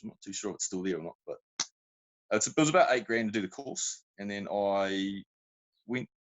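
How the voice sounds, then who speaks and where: Laid-back New Zealand man, low voice. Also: expressive, normal speed, slight background noise, poor audio. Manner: rambling, self-interrupting anecdotes with colloquial slang. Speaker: podcast guest. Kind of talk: casual storytelling chat.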